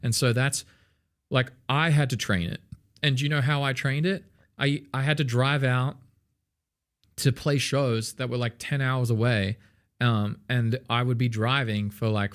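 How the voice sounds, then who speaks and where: A man teaching music in a casual livestream, animated and loose, peppering his talk with "like" and the odd swear word. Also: mid-range voice, normal speed. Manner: sings song snippets to demonstrate. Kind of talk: casual livestream song feedback.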